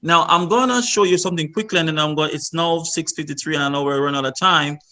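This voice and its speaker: A man's voice: fairly high pitch, quick pace, bright, forceful tone. A man presenting a virtual workshop to parents over a video call, instructive and repeating himself with many restarts.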